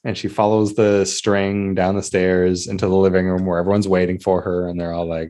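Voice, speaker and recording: A man's voice: sits low, flat delivery, moderate pace, dark tone. A man co-hosting a casual podcast, recapping scenes and putting on voices for the characters. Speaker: podcast co-host. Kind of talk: casual chat.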